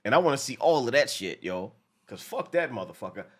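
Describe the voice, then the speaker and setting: A man co-hosting a casual show reaction, talking in a profane, animated way and acting out lines from the episode. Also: medium pitch, fairly quick.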